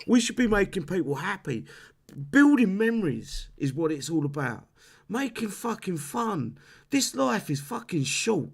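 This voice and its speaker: A man's voice: sits high, creaky. A man hosting a live stream, ranting heatedly about a game with lots of swearing and restarts. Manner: heated, sweary, repeats himself. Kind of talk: casual live-stream rant.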